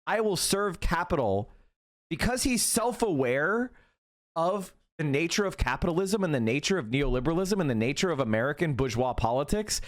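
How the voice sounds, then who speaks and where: A man's voice: on the high side, expressive, a little fast. A man in his thirties hosting a stream, ranting through heated, profane political commentary. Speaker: streamer host.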